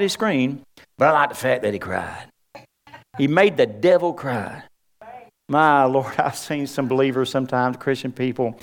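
A middle-aged man preaching a sermon, folksy and humorous. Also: medium pitch. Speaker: pastor.

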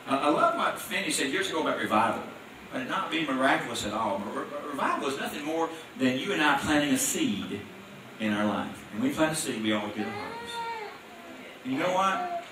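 In a church with heavy echo, a male preacher gives a sermon in a high, piercing voice, standing well back from the microphone. A faint hum runs underneath as he makes his case through pointed questions and call-and-response.

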